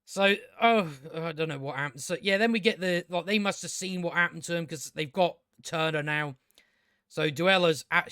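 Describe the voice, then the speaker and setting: A man's voice: on the high side, sharp tone, no room sound, studio quality. A young man giving a casual, rambling, sarcastic TV episode review, swearing freely and restarting his sentences often.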